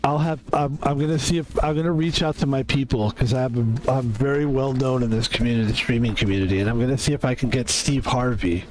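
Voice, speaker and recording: A man's voice: medium pitch, brisk, darkish tone, faint music behind. Joking, foul-mouthed male streamer. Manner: loose, joking, swears a lot. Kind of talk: casual gameplay commentary.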